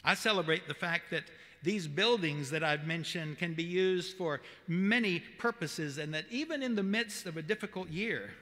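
Pastor, male, Southern accent, high bright voice, earnest measured sermon, long church reverb. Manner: earnest, measured preaching with emphatic repetition. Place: church sanctuary.

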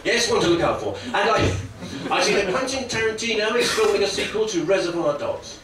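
A man doing stand-up comedy, jokey and lively, often slipping into put-on voices. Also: high-pitched, fairly quick, background noise. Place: comedy club stage. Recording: roomy club sound from far off. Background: audience laughter.

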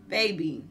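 A woman's voice: medium pitch, a bit bright. A woman giving a casual tarot reading, candid and profane, laughing often as she talks. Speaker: tarot reader.

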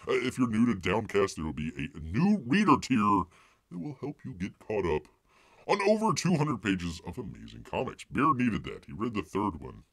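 A man's voice: fairly low pitch, sing-song, normal speed, no room sound, clean studio sound. A man hosting a casual live stream, rambling with lots of filler words and calling himself by name in the third person. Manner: folksy, heavy use of filler words.

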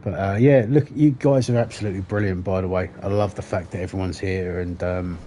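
Low, mellow-voiced man chatting on stream. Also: fairly even intonation, a little fast, a little hiss or hum. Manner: joking, rambling, swears often, laughs at his own jokes. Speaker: gaming livestreamer. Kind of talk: casual livestream chat while playing.

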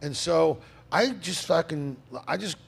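A middle-aged male comedian talking as a guest in a casual podcast chat, ranting profanely and rambling, swinging into loud mocking outbursts. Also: on the high side, measured pace, gravelly, husky.

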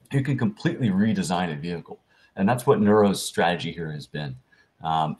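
Male panel speaker, very low voice, relaxed delivery with lots of fillers. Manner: easygoing, frequent fillers. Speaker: panelist presenting for a delivery robotics company. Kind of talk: conference panel presentation.

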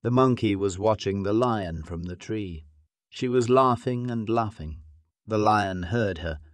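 A man slowly narrating a graded-reader story for English learners, reading clearly and deliberately. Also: on the low side, no echo.

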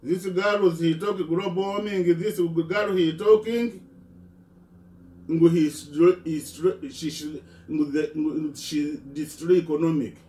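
Slow, halting man speaking from a distance. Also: fairly high pitch, mellow. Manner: halting, repeats words and restarts. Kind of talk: impassioned speech. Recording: echoey room, voice from a distance.

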